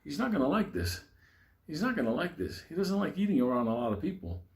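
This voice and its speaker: A man's voice: fairly high pitch, sing-song, fast, noisy background. A man voicing a jittery teenage boy who keeps warning about his friend in a worried, raised voice.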